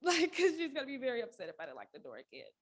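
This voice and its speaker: A woman's voice: high voice, huge pitch swings, racing. A woman performing a spoken word piece as a prayer monologue, earnest and pleading, with laughs breaking through. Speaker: poetry performer.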